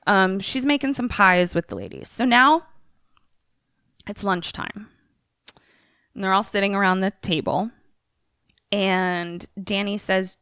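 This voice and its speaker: A young woman podcast co-host recapping a movie in casual, animated, profane storytelling. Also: mid-range voice, a little slow, pauses often, clean tone, dry recording, clean studio sound.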